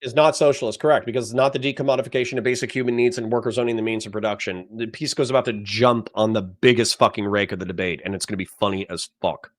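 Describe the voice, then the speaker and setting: A man commenting live on a debate stream, heated and profane, ranting in quick bursts. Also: lowish voice, steady tone. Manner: heated, profane, rapid rants.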